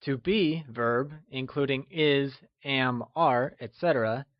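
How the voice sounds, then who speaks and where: Slow, deliberate male language teacher. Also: mid-range voice, dry recording, highs cut off. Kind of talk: scripted lesson narration.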